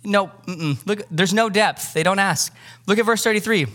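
A man preaching a sermon, lively and joking, acting out the disciples in quick asides. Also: sits high. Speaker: pastor.

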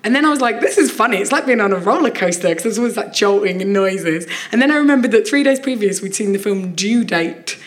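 A woman, a comedian, telling an animated story in casual chat on a live podcast, laughing often as she talks. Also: mid-range voice, quick pace, few pauses. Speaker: comedian guest.

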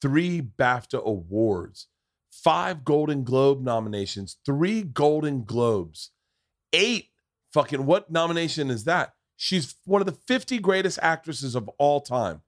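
A man hosting a podcast in casual chat, loud, joking and full of swearing. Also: a little high, sing-song, measured pace. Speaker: podcast host.

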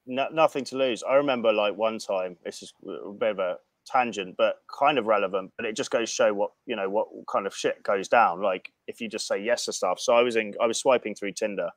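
A man telling a profane anecdote in casual chat, animated and frank. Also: lowish voice, fairly quick, few pauses, no room sound. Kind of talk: casual storytelling.

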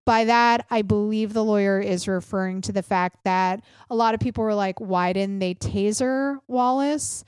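A woman's voice: mid-range voice, normal speed, hardly any pauses, a little mellow, clear, resonant tone, no echo, clean studio sound. A woman in her thirties hosting a political podcast, ranting bluntly and sarcastically with frequent swearing. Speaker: podcast host. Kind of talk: opinionated political podcast rant.

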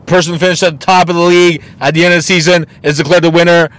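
A man's voice: on the high side, little pitch movement, fast talker, fairly bright tone, dry recording. A man hosting a casual solo podcast, ranting bluntly and mockingly with plenty of swearing. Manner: mocking and exasperated. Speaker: podcast host.

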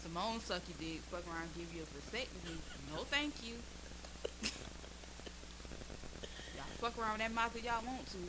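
Brash, lively Southern woman chatting. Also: mid-range voice, moderate pace, pauses often, heavy background noise. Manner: brash, crude, laughing banter. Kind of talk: casual chat.

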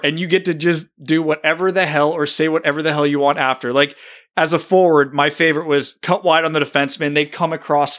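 A man co-hosting a hockey podcast, talking casually and animatedly about games and playing days. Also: a little high. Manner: animated, storytelling. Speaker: podcast co-host. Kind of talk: casual chat.

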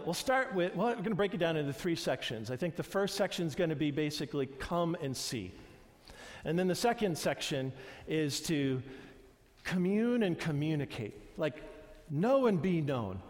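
A man gives a sermon in a loose, chatty way, stopping to restart his sentences and throwing himself into the voices of the people he retells. His voice sits a little high for a man. A long reverb trails after his words, as if the room were a large hall. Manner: conversational, animated retellings with many fillers and restarts. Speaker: pastor.

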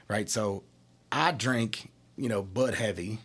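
A man from Kentucky talks about craft beer for his brewery in a relaxed, chatty way. His voice is husky and sits fairly low. He explains things with analogies and little acted-out quotes. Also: slow pace. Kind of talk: casual chat.

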